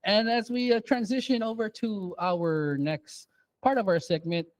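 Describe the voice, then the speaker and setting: A man's voice: sits high, a little slow, dry recording. Chatty male radio host, dry sound. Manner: relaxed and chatty. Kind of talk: casual chat.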